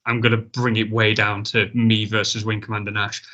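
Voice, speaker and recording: A man's voice: fairly low pitch, level tone, moderate pace, bright, forceful tone, lo-fi sound. A man, a wrestler as a guest, casually telling a rambling, self-mocking story and swearing freely.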